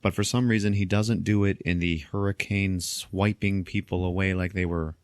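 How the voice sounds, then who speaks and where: Man, podcast host, low voice, casual film recap, laughs a lot, swears, very dry close sound. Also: normal speed, dry recording. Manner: animated storytelling, frequent laughter, swearing.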